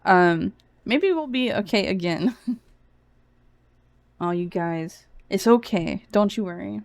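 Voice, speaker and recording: A woman's voice: medium pitch, lively intonation, takes it slowly, vocal fry, a little mellow, no echo. A young woman streaming sarcastic commentary, mocking and giggly, sounding a bit feverish.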